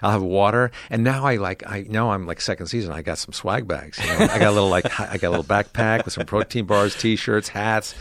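Comedian guest: a low, gravelly baritone man, casual and anecdotal, dry sound. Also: a little fast, hardly any pauses, a bit bright, no room sound. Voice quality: deep baritone. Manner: rambling, anecdotal storyteller with many fillers. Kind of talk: casual chat.

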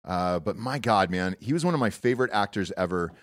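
A man's voice: on the low side, expressive, a little fast, no room sound, studio quality. Casual swearing male podcast host. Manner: loose, swearing, rambling with fillers. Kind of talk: casual chat.

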